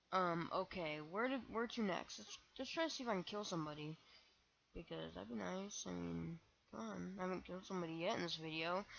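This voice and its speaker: A young woman commenting on her own gameplay, excitable and self-mocking, breaking into shrieks when panicked. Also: fairly low pitch, vocal fry, dull audio. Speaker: gaming channel host.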